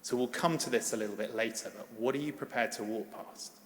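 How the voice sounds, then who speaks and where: A man's voice: mid-range voice, fast talker, slight background noise. Earnest man speaking in a large hall. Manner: earnest, emphatic, directly urging the audience. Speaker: paediatrician giving a conference plenary. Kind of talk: conference keynote speech. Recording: long hall reverb.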